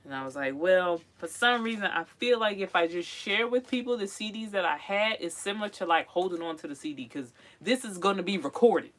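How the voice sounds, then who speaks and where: A woman's voice: on the low side, a little fast, hardly any pauses. A woman, chatting casually and animatedly as she goes through old things in her tiny home on wheels. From Philadelphia. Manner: chatty, animated, breaks into singing snippets. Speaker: vlogger. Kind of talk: casual chat.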